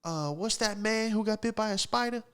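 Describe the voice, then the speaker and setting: A man's voice: sits high, normal speed, fairly bright tone, clean tone, voice pushed up. A man putting on the voice of a gushing woman fan who teases him, squealing and repeating herself. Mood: teasing. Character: gushing teasing woman fan after a show.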